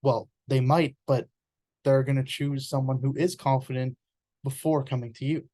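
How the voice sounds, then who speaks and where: A man's voice: mid-range voice, level tone, normal speed, warm tone, no room sound. A man giving an informal explanatory presentation in an earnest, conversational way, often restarting words mid-sentence.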